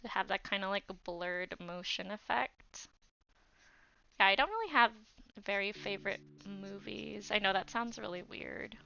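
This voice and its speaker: Her mid-range voice is bright and pushed, with some vocal fry, and she speaks unhurriedly. She is a young woman drawing on an art livestream, chatting loosely, naming and thanking viewers, and filling her speech with fillers over slightly dull lo-fi audio and faint music.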